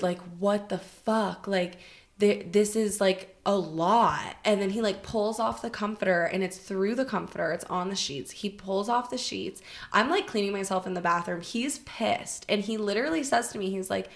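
A woman with a bright, forward voice, talking as a podcast guest in a loose, candid chat. She tells her story in an animated way, peppering it with "like" and casual swearing. Her pitch sits mid-range. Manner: animated, frequent "like" fillers and swearing.

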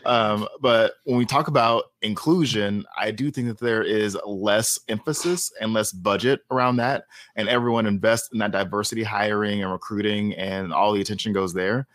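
A man taking part as a guest in a discussion, speaking in a measured, analytical way and often checking in with the listener. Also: lowish voice, steady tone, a bit bright, no echo. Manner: measured and analytical, often ends with a "right?" tag. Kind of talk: conversational discussion.

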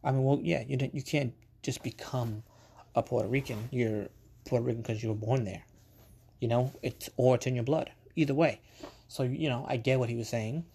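A man tells a long, meandering story on his podcast, his voice dark and mellow at an ordinary middle pitch. He talks casually, drifting through asides and fillers and dropping the occasional curse. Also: moderate pace, vocal fry, slight background noise. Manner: rambling and conversational, swears casually, many ums and asides. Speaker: podcast host.

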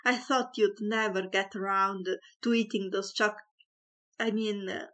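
A woman's voice: medium pitch, steady tone, a little slow, a bit bright, lightly acted. A woman voicing a giddy, breathless young woman who is smitten in love, gushing her exclamations.

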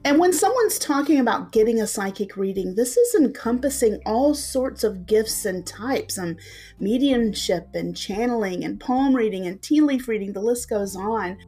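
A woman's voice: fairly high pitch, lively intonation, moderate pace, warm tone, husky, faint music behind. A woman hosting an interview podcast, who asks questions in a supportive way and agrees often. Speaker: podcast host. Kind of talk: interview conversation.

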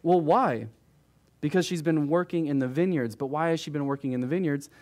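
A man with a somewhat high, darkish voice and a fairly quick delivery works through a book of the Bible verse by verse. He's a pastor addressing his congregation at church, keeping it casual and frequently turning to the room with asides.

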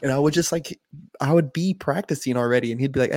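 A man's voice: mid-range voice, quick pace, a little mellow, no echo, clean studio sound. A man co-hosting a casual podcast, telling loose profane stories full of "bro" and "like". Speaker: podcast co-host. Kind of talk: casual chat.

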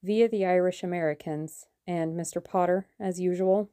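A woman reading an audiobook, voicing a soft-spoken, sinister male conspiracy leader with sibilant speech. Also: fairly low pitch, fairly even intonation, normal speed, no room sound, close to an everyday voice. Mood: cold. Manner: quiet, menacing.

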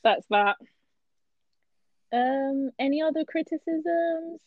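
A woman's voice: high-pitched, expressive, slow, dry recording, phone-quality sound. A young woman co-hosting a film review chat, easygoing and agreeable, laughing along. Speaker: podcast co-host reviewing films. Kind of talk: casual chat.

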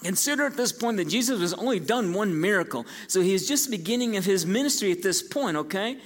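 Preaching pastor in a reverberant hall. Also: male voice, high-pitched, animated, quick pace. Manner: storytelling preacher, rising to loud emphatic peaks. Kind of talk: sermon. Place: church sanctuary. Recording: long church hall reverb.

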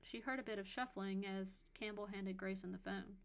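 A woman reads a short story aloud in a measured, steady storytelling voice. It is an audiobook-style narration. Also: medium pitch, gravelly.

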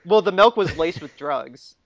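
A man's voice: sits high, expressive, moderate pace, a bit bright. A man in his thirties co-hosting a podcast in casual chat, rambling with lots of fillers and laughing often. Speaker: podcast co-host. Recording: dull lo-fi dry recording.

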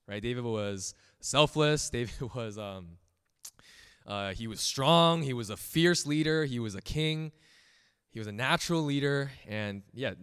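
A man's voice: medium pitch, clear, resonant tone. A young man giving a casual sermon as pastor, telling personal stories, often laughing and acting out the voices of others. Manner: animated, laughs often, acts out quoted voices. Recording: long hall reverb.

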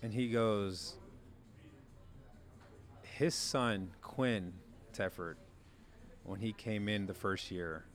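A young man with a fairly low voice tells his stories in a relaxed, chatty way. He acts out the quoted lines, jumping up in pitch and volume whenever he imitates someone. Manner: animated storyteller, acts out quotes with big jumps in pitch. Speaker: former college quarterback guest. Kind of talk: casual storytelling chat.

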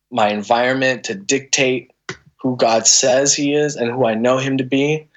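A man's voice: mid-range voice, a bit bright. Earnest man telling a personal faith story. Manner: earnest, emotional, frequent restarts and fillers. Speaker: podcast guest. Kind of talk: candid conversational storytelling.

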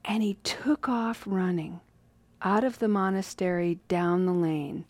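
A woman telling a story in a casual, lively, playful way with drawn-out phrasing. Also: on the low side, dry recording.

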